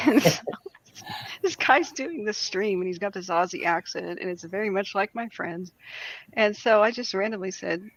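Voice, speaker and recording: A woman guest telling a story in casual chat, animated and laughing often as she talks. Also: medium pitch, normal speed, no room sound, muffled recording.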